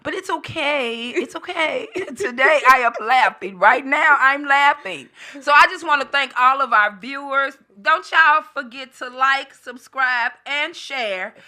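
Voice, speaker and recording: A woman's voice: sits high, measured pace, hardly any pauses, sharp tone. A woman co-hosting a live call-in show in casual chat, playful and teasing, laughing often. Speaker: co-host.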